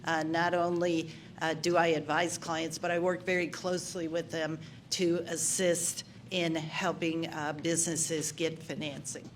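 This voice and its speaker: Flat-voiced businesslike woman. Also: low voice, unhurried, a little hiss or hum. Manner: matter-of-fact, businesslike, with filler "uh". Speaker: small business advisor, panelist. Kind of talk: self-introduction at a panel. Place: meeting room at a luncheon.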